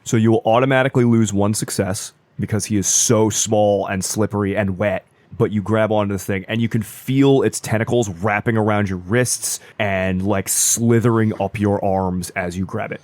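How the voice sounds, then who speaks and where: A man acting as storyteller, narrating a tabletop horror game in slow, deliberate scene-setting. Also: lowish voice, steady tone, darkish tone, dry recording.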